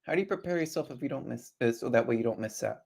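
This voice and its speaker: A man's voice: medium pitch, lively intonation, rapid-fire, creaky, darkish tone, breathy edge. A man hosting a live trading stream, chatty and casual, asking rhetorical questions and greeting viewers as they join.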